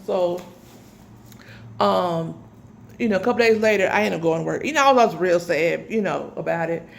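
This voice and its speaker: A woman's voice: mid-range voice, creaky, a little hiss or hum. A woman telling a personal story in a casual, chatty way, addressing her listeners directly with dramatic asides. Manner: chatty, addresses listeners as y'all, animated retelling.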